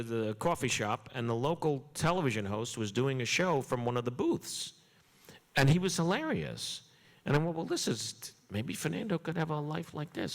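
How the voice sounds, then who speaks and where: A man who is a comedian guest, telling an anecdote in a chatty, animated way with frequent fillers. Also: mid-range voice, big-room sound. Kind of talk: storytelling anecdote.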